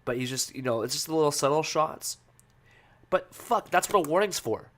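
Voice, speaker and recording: A man's voice: a little high, expressive, normal speed, a bit bright. Man ranting on a casual podcast. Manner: ranting, profane, heated; loose, hesitant with many fillers. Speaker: podcast host.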